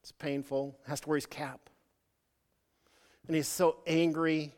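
Storytelling preacher, male, a bit high, stop-start delivery, long hall reverb. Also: flat delivery, darkish tone. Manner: halting, many restarts, storytelling. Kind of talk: sermon.

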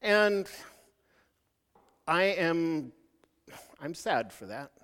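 A man's voice: on the high side, expressive, very slow, fairly bright tone, in a large hall, heavily acted. A man voicing a sulking, angry male prophet who whines and complains. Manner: whiny, complaining.

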